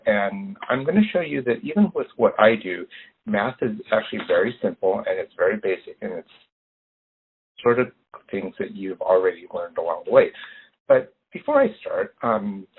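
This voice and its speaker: A man, an engineer, giving a casual online STEM lesson in a relaxed, conversational way with frequent ums. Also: sits low, slight background noise. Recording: tinny phone-like video call audio.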